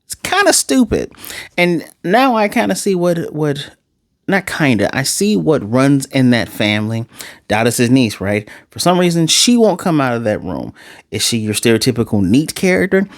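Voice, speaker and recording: A man's voice: moderate pace, no room sound, clean studio sound. Sarcastic man reviewing an anime episode. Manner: animated, sarcastic, jumps to high pitch for emphasis.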